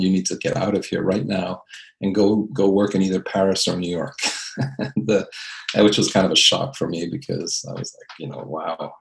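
A man's voice: low-pitched, gravelly, rough recording. A man from Canada, an architect and designer, reflecting on his career in an interview, thoughtful and full of fillers and restarts.

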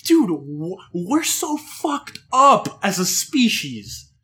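Young man, high voice, bright tone, casual podcast chat, swears a lot, animated. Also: takes it slowly. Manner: animated, profane, mocking put-on voices. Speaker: podcast co-host.

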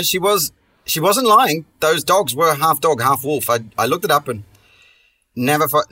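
A man's voice: mid-range voice, sharp tone, distant mic. A man hosting a comedy podcast, telling a long story in a rambling, sweary way and restarting his sentences often. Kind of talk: casual comic storytelling.

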